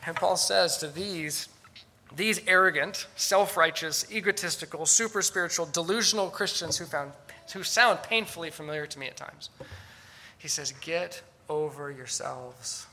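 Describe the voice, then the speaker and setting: A man preaching in an earnest, emphatic style. His voice sits high and sounds very bright and piercing. He often stops to ask the listeners rhetorical questions. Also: moderate pace. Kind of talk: sermon.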